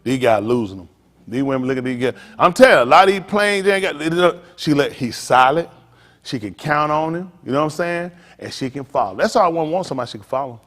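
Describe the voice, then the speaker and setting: A middle-aged man pastor, teasing and preaching to his congregation in a joking, animated way. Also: fairly high pitch, quick pace. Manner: animated, teasing, talks straight to the crowd. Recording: long hall reverb.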